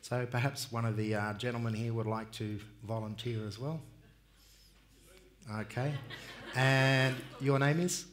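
A man's voice: mid-range voice, fairly even intonation, measured pace, pauses often, fairly bright tone. A man leading a conference audience in a call-and-response song, encouraging and upbeat, calling out and demonstrating. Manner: upbeat, encouraging, calls out and sings examples. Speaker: music and dance workshop leader. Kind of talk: leading a group singing workshop.

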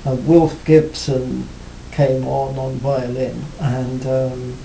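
A man being interviewed about his music career, talking reflectively with many pauses and restarts. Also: level tone, creaky, warm tone. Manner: hesitant, many restarts and "you know". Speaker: interviewee, former band cellist. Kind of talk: reflective casual interview talk. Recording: roomy, faint rumble.

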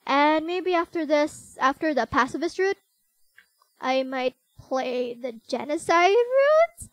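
A woman's voice: high voice, expressive, normal speed, no room sound. A young woman giving chatty, giggly commentary while playing a game, with game music under her voice. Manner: giggly, chatty, easily startled. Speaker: gaming YouTuber. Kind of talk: casual gameplay commentary.

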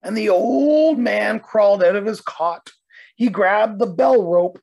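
A woman, an early childhood educator, reading a children's storybook aloud with expressive narration. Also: mid-range voice, takes it slowly, vocal fry.

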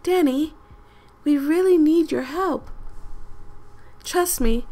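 A woman voicing a bossy, perky young woman from a game, reading her lines in a brisk, coaxing way. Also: high voice, mellow.

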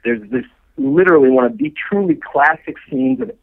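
A middle-aged man recounts behind-the-scenes stories as a podcast guest, animated and loose, dropping fillers as he goes. His voice carries a gravelly edge. It comes through a tinny, phone-like line. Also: fairly high pitch, a little fast. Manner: animated anecdote-telling with fillers. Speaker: guest, show co-creator. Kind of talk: podcast interview storytelling.

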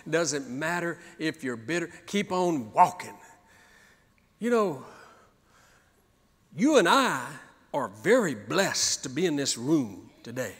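High, bright-voiced male preacher. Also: expressive, takes it slowly, long reverb tail. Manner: preaching with rising, repeated exhortations. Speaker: pastor. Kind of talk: sermon. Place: church sanctuary.

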